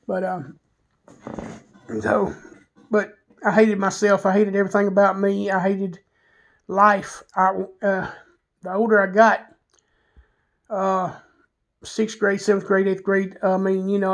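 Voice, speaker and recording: In a personal storytelling monologue, a male vlogger with a Southern US accent and a high, gravelly voice candidly rambles through self-deprecating tales of his past. Filler words crowd his speech.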